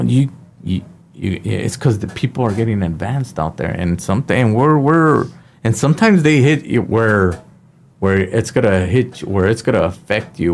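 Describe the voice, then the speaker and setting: A man hosting a radio show, telling a rambling personal story casually and acting out the other people's lines in a raised voice. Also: a little hiss or hum. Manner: rambling, animated, acts out quotes in a higher voice. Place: radio studio.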